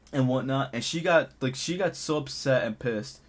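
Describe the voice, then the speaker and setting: A man's voice: mid-range voice, normal speed, few pauses. A young man casually telling a school anecdote, laughing often and packing in fillers. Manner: loose, laughing, filler-heavy storytelling. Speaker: channel host.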